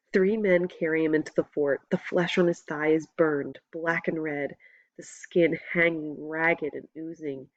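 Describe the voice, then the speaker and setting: A woman reading a novel aloud as a first-person audiobook narrator, in a steady, measured storytelling voice. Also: low-pitched, no room sound, lo-fi sound.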